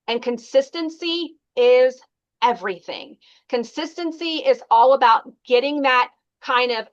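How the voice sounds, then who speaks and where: A woman's voice: high-pitched, dull audio. A woman leading a casual sales training call, chatty and encouraging, with frequent ums and likes. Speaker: sales team leader training consultants.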